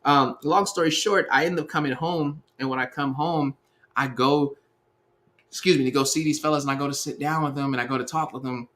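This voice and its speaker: A man in his thirties telling a personal story in a relaxed, slangy way, acting out the quotes as he goes. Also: medium pitch, brisk. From Seattle area, USA. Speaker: speaker sharing life advice. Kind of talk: storytelling talk.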